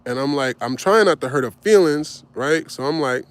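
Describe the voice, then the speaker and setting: A man casually telling a personal story in an animated, slangy way, with frequent asides to his listeners. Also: medium pitch, moderate pace, few pauses. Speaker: host.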